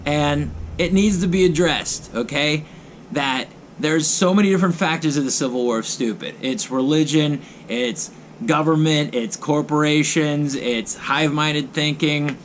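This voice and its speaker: A man's voice: on the high side, unhurried, slight background noise. A man hosting his own vlog, ranting in blunt, mocking commentary and hammering phrases over and over. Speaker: vlogger host.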